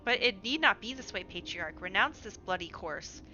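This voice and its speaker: Earnest young diplomat, calm measured delivery, bright tone, read by a woman. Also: mid-range voice, highs cut off, faint music behind, voice pushed down.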